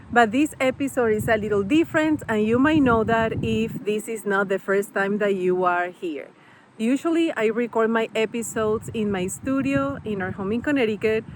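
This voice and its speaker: A woman in her thirties hosting a knitting vlog outdoors, talking in an unhurried, welcoming, chatty way. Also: medium pitch, a little hiss or hum, low-quality recording. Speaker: podcast host. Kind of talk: casual vlog chat. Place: outdoors by a canal.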